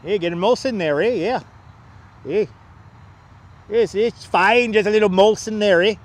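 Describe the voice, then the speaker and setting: A man's voice: high-pitched, measured pace. A man putting on a mock Canadian accent as an easygoing joking guy, with a drawled tag on the end.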